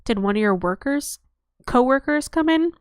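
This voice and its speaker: A woman's voice: high-pitched, animated, normal speed, smooth, no echo, studio quality, pitched above the performer's own voice. A woman voicing a curious, bewildered young human woman who asks hesitant questions. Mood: puzzled.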